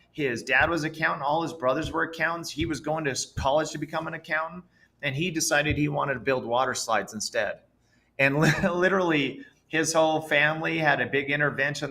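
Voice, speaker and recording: A man who founded a business, a podcast guest telling stories with enthusiasm. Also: medium pitch. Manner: enthusiastic, animated storyteller. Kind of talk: casual podcast conversation.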